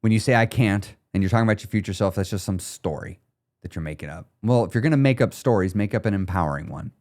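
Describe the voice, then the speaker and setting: A man's voice: on the low side, fast talker. A man hosting his own podcast, coaching listeners directly in a casual, blunt, slangy solo monologue. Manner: animated coaching, talks straight to the listener; laid-back, slangy and blunt. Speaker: weight loss podcast host.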